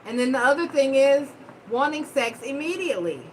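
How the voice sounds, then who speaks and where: A woman hosting a live-stream chat, telling stories in a blunt, profane, animated way. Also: high-pitched, fairly quick, a little hiss or hum, rough recording. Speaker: host.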